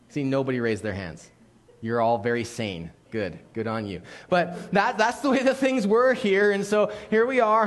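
Animated man preaching a sermon. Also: sits high. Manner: animated storytelling with playful asides to the congregation. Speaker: pastor. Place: church sanctuary.

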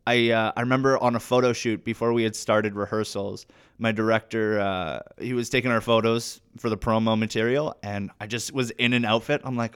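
A Canadian man, an actor, talking casually as a podcast guest and telling animated stories, swearing freely. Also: fairly low pitch, a little fast, clear, resonant tone. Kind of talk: casual chat.

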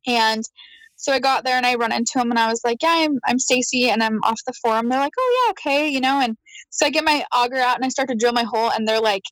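A woman telling a story in casual chat, animated, laughing often and acting out her own quotes. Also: fairly high pitch, fast talker, no echo, rough recording. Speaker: guest.

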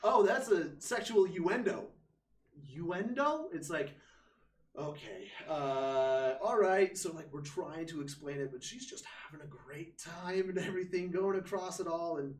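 A young American man telling lively stories in casual chat and acting out what people said. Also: on the high side, unhurried. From United States. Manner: animated, acts out quotes. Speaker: guest. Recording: roomy, distant mic.

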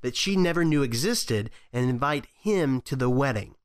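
A man's voice: medium pitch, expressive, normal speed, smooth. A man co-hosting a casual film discussion podcast, wry and joking, often restarting his sentences. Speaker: podcast co-host.

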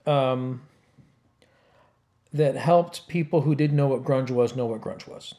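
A man with an everyday mid-range voice, talking casually about music. He pauses with ums and softens his opinions with hedges. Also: mid-range voice. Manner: hesitant, many ums, hedging. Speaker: podcast co-host.

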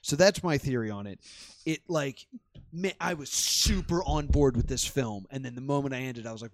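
A man's voice: mid-range voice, normal speed, no echo. A young man casually chatting about movies as a podcast co-host, acting out his own reactions.

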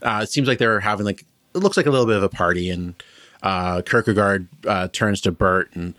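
A man's voice: fairly low pitch, brisk, fairly bright tone, dry recording, studio quality. A man narrating a tabletop game as game master, describing scenes in a rambling way with many fillers.

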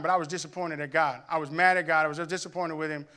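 A man from Arkansas preaching a sermon in church, telling a personal story and building to loud, emphatic preaching. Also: a little high, steady tone, fast, hardly any pauses, clear, resonant tone. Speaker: pastor.

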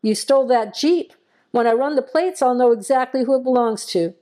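A woman's voice: high-pitched, a little fast, mellow, voice pushed up, lightly acted. A woman reading an audio horror story, voicing a stern, curt small-town male deputy.

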